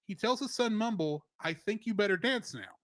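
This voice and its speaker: Man, fairly high voice, very animated delivery, dry close sound, podcast co-host reading trivia. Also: moderate pace, no room sound. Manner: lively, animated reading with playful asides. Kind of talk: reading a plot summary and trivia.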